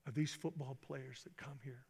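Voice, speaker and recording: A middle-aged male pastor telling a story in a sermon, acting out the quoted voices with big jumps in pitch. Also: steady tone, moderate pace, vocal fry, darkish tone, slightly rough. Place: church sanctuary. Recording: long reverb in a large hall.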